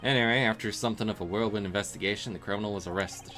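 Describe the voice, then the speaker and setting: A man's voice: on the low side, bright, forceful tone. A man voicing a blunt, weary male police inspector with a put-on, vaguely Southern drawl. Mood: matter-of-fact. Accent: vaguely American Southern drawl, put on. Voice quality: slow drawl. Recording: game music playing behind.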